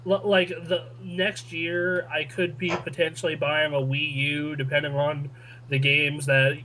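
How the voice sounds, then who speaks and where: A young man co-hosts a casual gaming podcast, reading listener questions and rambling with lots of fillers and restarts. His voice is fairly high and flat, a little slow, with a noisy background.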